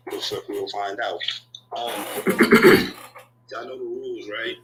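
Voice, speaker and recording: A man hosting a livestream debate in loose slang, giving shout-outs and laying out the rules. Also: lowish voice, steady tone, slow, long pauses, background noise. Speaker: debate host. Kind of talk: casual hype-style livestream hosting.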